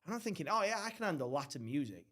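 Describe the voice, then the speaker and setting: A young man spins rowdy holiday tales in loose podcast chat. His voice sits slightly high for a man, and he drops into quick impressions of the people he describes. The swearing is constant and casual. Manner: swearing, animated, mimics others. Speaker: podcast host.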